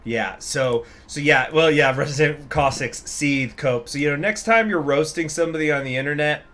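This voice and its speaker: Here the voice is a little high, bright and forceful, moving at a normal speed. He runs a gaming channel and hosts a strategy game video, rambling and joking with lots of fillers while reading out the event text.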